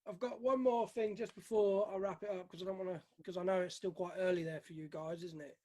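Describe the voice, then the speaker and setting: High-voiced man hosting an interview. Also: steady tone, brisk, a little mellow. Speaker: host interviewer. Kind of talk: casual interview.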